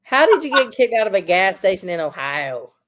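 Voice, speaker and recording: A Southern woman hosts a relaxed podcast chat at an ordinary mid pitch. She teases her co-hosts and chuckles between her lines. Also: brisk. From Southern United States. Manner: teasing, chuckling. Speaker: host.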